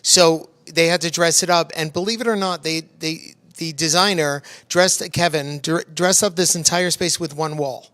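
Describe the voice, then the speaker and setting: A man's voice: fairly high pitch, fairly even intonation, normal speed, few pauses, sharp tone. A man, a stage actor, chatting casually about a past production, reflective with some restarts. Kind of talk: casual chat. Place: lounge venue.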